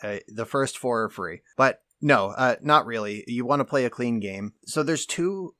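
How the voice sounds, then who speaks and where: A man co-hosting a podcast, giving measured, lecturing explanations in casual chat, often with "like". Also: mid-range voice, lively intonation, sharp tone, dry recording, studio quality. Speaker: podcast co-host.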